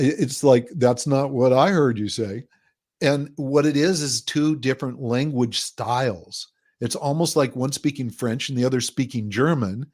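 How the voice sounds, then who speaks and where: A man's voice: mid-range voice, a little mellow. A man as a podcast guest, explaining his ideas at length and acting out quoted people in a livelier voice. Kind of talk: conversational podcast interview.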